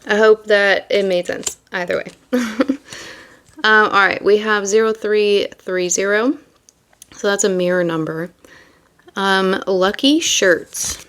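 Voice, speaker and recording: A woman's voice: mid-range voice, slow pace, long pauses, fairly bright tone. A young woman reading tarot and chatting casually, rambling and full of fillers between card meanings. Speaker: tarot reader.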